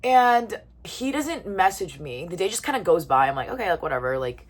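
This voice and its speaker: A young woman in her twenties telling a story to the camera in a casual, chatty way, full of "like" and pausing to eat. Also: fairly low pitch, sing-song. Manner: chatty, lots of "like", eating while talking. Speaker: vlogger.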